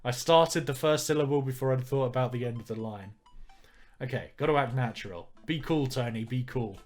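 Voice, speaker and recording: A man's voice: mid-range voice, fairly quick, darkish tone, faint music behind. Wry man reading a game aloud. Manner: wry, joking asides. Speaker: let's player. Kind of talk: reading a visual novel aloud with commentary.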